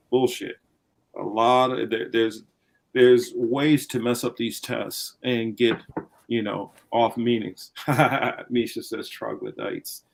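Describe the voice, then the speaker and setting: Man, casual livestream host, blunt and rambling, swears, mid-range pitch. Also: gravelly, poor audio.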